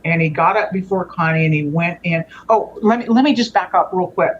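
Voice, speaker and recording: Halting woman recounting a family story. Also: fairly low pitch, dull audio. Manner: halting, with frequent restarts and trailing phrases. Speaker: guest telling a personal story. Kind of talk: conversational storytelling.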